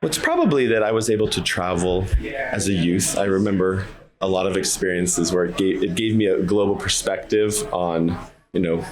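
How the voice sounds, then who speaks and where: A man from the United States, a guest in a casual interview, speaking thoughtfully and haltingly. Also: sits low, a crowd in the background. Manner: thoughtful, halting, many fillers and restarts.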